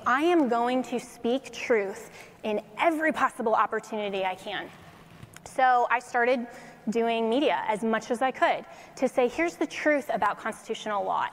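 Casting: woman from Colorado, faith-based motivational speaker, lively storyteller, higher voice, hall echo. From Colorado, USA. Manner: lively storytelling, laughs often.

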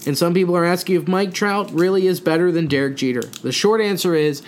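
A young man co-hosting a casual sports podcast, riffing jokes and roasting players with quick laughs. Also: high voice, a little hiss or hum. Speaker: podcast co-host. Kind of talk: casual comedic roast chat.

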